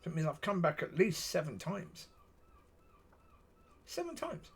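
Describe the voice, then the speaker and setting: Husky-voiced man rambling. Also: fairly high pitch, wildly swooping pitch, unhurried. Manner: rambling and repetitive, circling back on itself. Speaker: vlogger. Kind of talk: casual monologue to camera.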